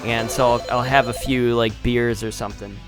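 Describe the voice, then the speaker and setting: A man's voice: mid-range voice, fairly even intonation, normal speed, music in the background. A man commenting casually on his gameplay, rambling and swearing, laughing at himself, a little tipsy. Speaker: let's play gamer.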